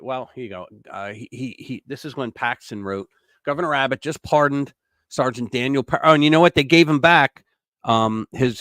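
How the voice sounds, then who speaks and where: A man hosting a casual news commentary show, reading stories aloud and breaking in with blunt, sarcastic remarks, swinging between loud outbursts and mumbled asides. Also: mid-range voice, dry recording, clean studio sound. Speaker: political commentary host.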